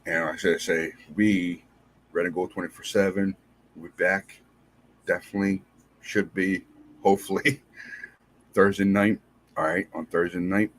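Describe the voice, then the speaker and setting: A married man hosting a podcast, giving casual, rambling shout-outs to listeners and repeating himself in a friendly way. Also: deep voice. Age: adult, married. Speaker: podcast host.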